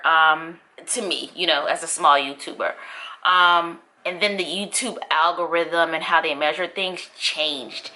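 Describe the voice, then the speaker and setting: A woman's voice: on the low side, pushed and bright. A woman in her thirties vlogging casually to camera, chatty and laughing, talking straight to her viewers. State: out of breath.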